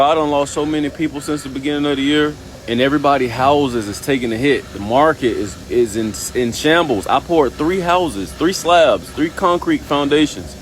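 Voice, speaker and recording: A man's voice: medium pitch, normal speed, hardly any pauses, a little hiss or hum. A man calling in to a podcast with a voicemail, talking in a heated, slangy, profane way. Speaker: caller. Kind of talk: voicemail call-in message.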